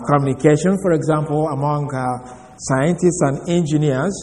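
A man delivers a teaching sermon in a church hall, unpacking words step by step with pauses and the odd filler. His voice sits a little high for a man. The sound rings with a long hall reverb. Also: darkish tone. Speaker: preacher.

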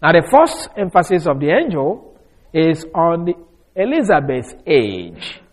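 Male preacher, slightly raised pitch, emphatic, swings loud to soft, verse-by-verse teaching. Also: big pitch swings, a little slow. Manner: repeats and restarts phrases.

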